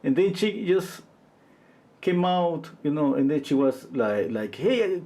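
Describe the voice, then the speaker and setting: A man in his fifties, a portrait painter chatting casually on a livestream and telling rambling, animated stories. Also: on the high side, a little slow. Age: 50s. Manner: rambling, animated storytelling full of "you know".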